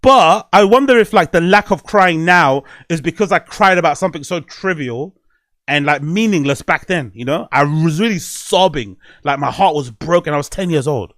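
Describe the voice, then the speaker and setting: A man's voice: fairly high pitch, expressive, normal speed, a bit bright, dry recording, clean studio sound. Candid man rambling on a podcast. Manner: candid, rambling storytelling with frequent swearing and fillers. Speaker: podcast host. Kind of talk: casual podcast monologue.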